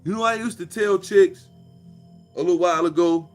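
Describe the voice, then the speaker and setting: A man talks in a profane, mocking, preachy ramble. His voice sits a little higher than most men's. Faint music plays behind him. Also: normal speed. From Chicago. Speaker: commentator. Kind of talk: casual monologue.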